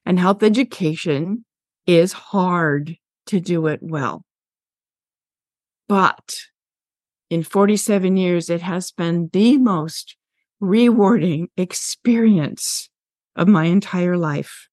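A woman's voice: fairly low pitch, takes it slowly, a little mellow, no room sound, studio quality. A woman in her sixties, a veteran health teacher, speaking passionately as a podcast guest, telling classroom stories with emphasis. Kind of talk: podcast interview.

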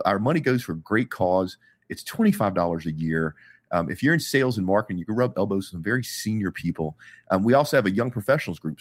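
A man, hosting a casual podcast as the industry expert and upbeat as he promotes events, with plenty of fillers. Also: lowish voice.

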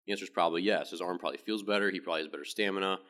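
A man, a baseball pitching coach, giving a casual, rambling explanation with frequent restarts. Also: steady tone, very fast, fairly bright tone.

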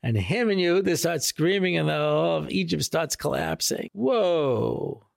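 A man's voice: normal speed, creaky, no echo, studio quality. A man, a rabbi, telling a weekly Torah talk in a casual, jokey storytelling way and acting out the quotes. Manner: animated, jokey, acts out quotes with big pitch jumps.

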